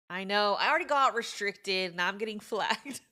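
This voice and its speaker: A woman in her thirties hosting a casual live stream, talking in an animated, indignant way and saying "like" often. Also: medium pitch, dry recording, clean studio sound. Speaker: livestream host.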